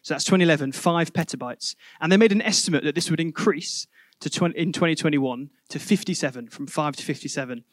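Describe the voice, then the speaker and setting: A man delivering a church sermon with a fairly high voice. He tells his story vividly, swelling to loud climaxes and falling to near-whispers. The recording is dry and close, with little room sound. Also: fairly quick, no echo. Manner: vivid storytelling, building to loud climaxes then dropping to a hush. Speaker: preacher.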